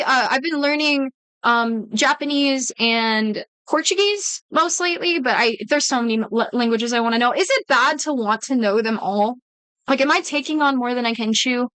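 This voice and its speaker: A high-pitched woman chats loosely with her stream viewers, wandering between thoughts and cutting herself off mid-sentence. She swears freely and casually. The sound is dry and close, with no room echo. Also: a bit bright, smooth. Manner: rambling, profane, self-interrupting. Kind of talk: casual livestream chat with viewers.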